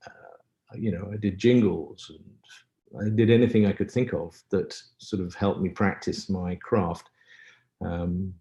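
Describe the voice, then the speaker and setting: A man's voice: sits low, vocal fry, dark tone. A man who composes for film, answering questions in a webinar in a reflective, wry and self-deprecating way over a video call. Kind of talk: webinar Q&A talk.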